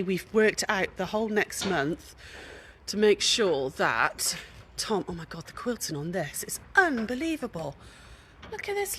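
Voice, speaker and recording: A middle-aged woman chats her way through a show hall, full of gushing asides. She drops into hushed, admiring tones now and then. A faint hum of background noise sits under her voice. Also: medium pitch. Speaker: craft shop host showing a quilt show. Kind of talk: casual walk-around vlog chat. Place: large indoor exhibition hall.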